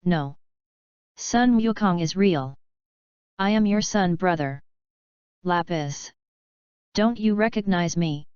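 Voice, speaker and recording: Hoarse male villain for a storybook read, sneering and gloating, woman narrator voicing, dull lo-fi sound. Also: lowish voice, expressive, slow pace, long pauses, darkish tone, no echo. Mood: mocking. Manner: taunting, gloating. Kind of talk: audiobook reading.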